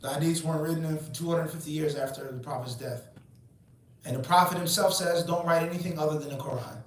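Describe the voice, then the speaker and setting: An Islamic teacher in his forties gives an emphatic, preachy lecture, posing rhetorical questions and answering them himself. His voice is on the high side and quick, recorded in a very echoey room with the mic far away.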